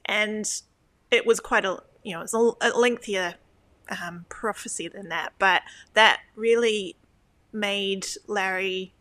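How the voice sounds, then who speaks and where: A woman's voice: mid-range voice, slow pace, fairly bright tone. Hesitant, reflective woman interviewee. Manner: reflective, hesitant, many fillers and restarts. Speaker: guest, former church elder.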